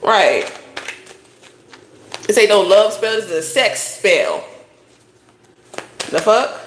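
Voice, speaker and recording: A woman's voice: medium pitch, big pitch swings, slow, roomy sound, a little hiss or hum. A woman doing a casual tarot reading, talking bluntly with lots of swearing and preachy advice. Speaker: tarot reader.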